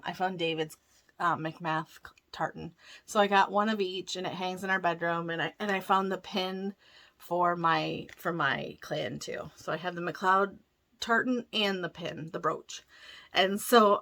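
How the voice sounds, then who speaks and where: A woman's voice: medium pitch, sharp tone. A middle-aged woman chatting casually as a cross-stitch vlogger, enthusiastic and full of self-corrections. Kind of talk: casual chat showing a haul.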